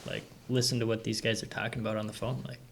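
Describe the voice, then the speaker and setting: A man's voice: lowish voice, little pitch movement, quick pace, fairly bright tone, a little hiss or hum. A man hosting a podcast, chatting in an easygoing way and laughing readily. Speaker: podcast host. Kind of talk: casual podcast chat.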